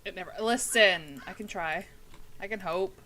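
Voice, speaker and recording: Bright-voiced young woman streamer, chatty. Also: fairly low pitch, moderate pace, poor audio. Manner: chatty, swears casually, talks to chat while playing. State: tired. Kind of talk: casual gaming livestream chat.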